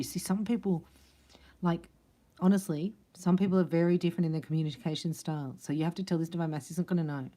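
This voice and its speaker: A woman's voice: fairly low pitch, fairly even intonation, fast, warm tone. A woman giving a casual spiritual card reading, chatty and emphatic, acting out little dialogues. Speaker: psychic card reader.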